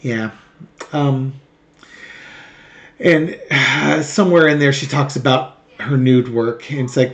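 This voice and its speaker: A man chats to his viewers as the host of a tarot channel, at an ordinary pitch for a man. He talks loosely, laughs often and catches his own slips with quick asides. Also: fairly bright tone. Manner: chatty, laughs often, self-correcting asides. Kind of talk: casual chat.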